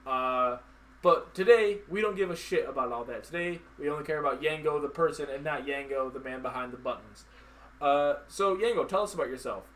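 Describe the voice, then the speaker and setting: A man hosts a casual live-stream chat, his voice sitting a little high. He rambles along loosely with plenty of fillers, and a faint hiss of noise sits under his voice. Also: a little fast, a bit bright. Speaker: host.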